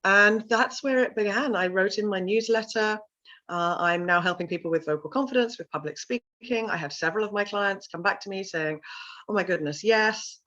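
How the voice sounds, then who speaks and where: A middle-aged woman, a vocal coach and sound healer, telling her story in an interview in an animated way. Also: mid-range voice, fairly quick, muffled recording. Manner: animated storyteller, acts out voices in quotes.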